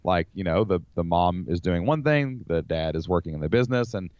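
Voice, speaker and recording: A man from the United States, a podcast guest, telling a personal story in an animated, rambling way with lots of fillers. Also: deep voice, a little fast, smooth, no room sound. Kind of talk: casual storytelling. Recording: slightly dull dry recording.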